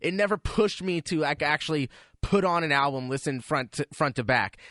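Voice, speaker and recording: Bright earnest radio co-host man. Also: fairly high pitch, lively intonation, no echo, studio quality. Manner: earnest, enthusiastic, halting. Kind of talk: casual studio chat.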